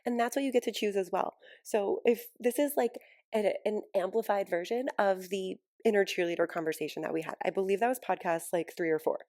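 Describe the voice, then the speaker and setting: A woman's voice: mid-range voice, fairly quick, a little mellow, no room sound, clean studio sound. A woman hosting a casual solo podcast, gushing and enthusiastic, laughing often between thoughts. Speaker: podcast host and healing coach.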